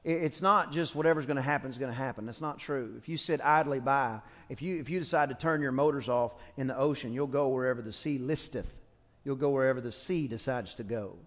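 A man's voice: medium pitch, fairly quick, fairly bright tone. A man preaching a sermon as pastor, telling a story in a humorous, conversational way with frequent restarts. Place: church sanctuary. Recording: long church-hall reverb.

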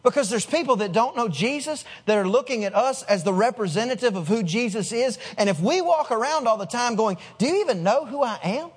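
A man's voice: very high voice, lively intonation, fairly quick, few pauses, husky. A man preaching a sermon as pastor, in a conversational way, putting questions to the congregation and restarting his words.

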